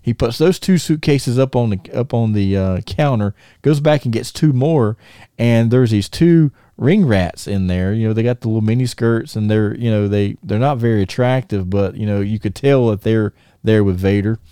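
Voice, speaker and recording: A middle-aged man with a low, mellow voice, spinning a rambling podcast story in fits and starts. The sound is close and dry, with no room around it. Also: normal speed, clear, resonant tone, no echo. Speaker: podcast host.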